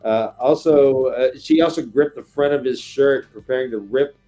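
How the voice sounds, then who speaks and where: A middle-aged man chatting casually on a book podcast, animated and acting out scenes with sound effects. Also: mid-range voice, normal speed, faint music behind. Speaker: podcast co-host. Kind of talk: casual book-discussion chat.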